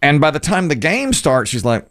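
A man hosting a radio talk show, telling stories in a casual, animated way and acting out the voices of the people in them. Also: on the high side, moderate pace. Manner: animated storyteller, acts out voices in quotes. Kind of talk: casual storytelling chat.

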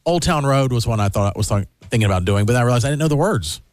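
A male radio host chats quickly and with a lot of rise and fall, slipping into raised voices when he quotes people. His voice sounds dry and close. Faint music sits underneath. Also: medium pitch, no echo. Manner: animated, acts out quotes in a raised voice. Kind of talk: casual chat.

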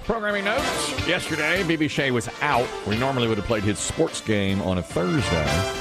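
A man's voice: mid-range voice, very animated, normal speed, over loud music. A middle-aged man hosting a morning radio show, chatting casually and joking with frequent laughs.

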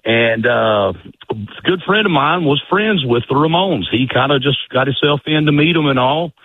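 A man calling into a radio show, telling stories in a halting way with many pauses and restarts. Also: on the high side, lively intonation. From North Carolina. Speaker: radio caller. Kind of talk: casual phone chat. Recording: dry tinny phone line.

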